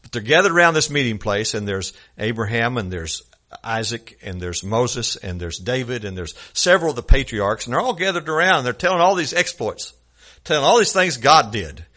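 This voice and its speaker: A man's voice: mid-range voice, sing-song, moderate pace, pushed and bright. A man preaching a sermon in a folksy storytelling manner, acting out scripture scenes.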